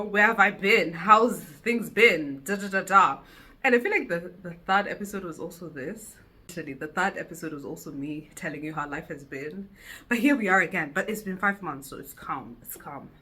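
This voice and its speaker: A woman chatting casually to camera in a solo vlog, giggly and animated, seated indoors at home and picked up by the camera mic. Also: mid-range voice. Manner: giggly, animated, self-teasing. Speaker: vlogger. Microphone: camera mic, no lapel.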